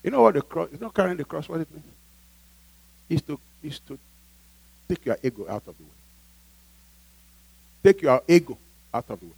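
A man's voice: fairly high pitch, sing-song, moderate pace, gravelly, pauses often, a little mellow, husky, no echo, low-quality recording. A male pastor preaching a sermon emphatically, often asking the congregation to fill in a word.

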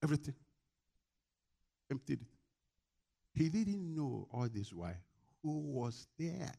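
A middle-aged male pastor preaching a sermon, leading the congregation in call-and-response and swinging between soft, low asides and loud exhortations. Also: big pitch swings, slow, vocal fry, long pauses.

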